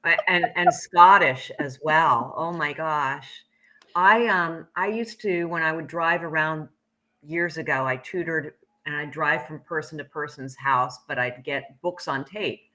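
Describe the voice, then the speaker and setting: A woman from Pennsylvania speaks in a somewhat low register with a bright, forward tone. She rambles through stories in a thoughtful, conversational way, co-hosting a casual spiritual chat. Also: a little slow. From Pennsylvania, United States. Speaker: spiritual teacher, co-host.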